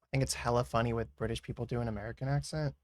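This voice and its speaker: A man's voice: mid-range voice, fairly even intonation, racing, a little mellow, no room sound, studio quality. A man streaming while he draws, chatting casually with viewers in a rambling, giggly way.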